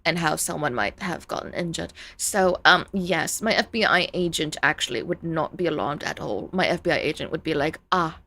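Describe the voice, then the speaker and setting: A woman's voice: sits low, animated, normal speed, hardly any pauses, sharp tone. A young woman streaming, chatting casually as she reacts to videos and reads her chat aloud, laughing often.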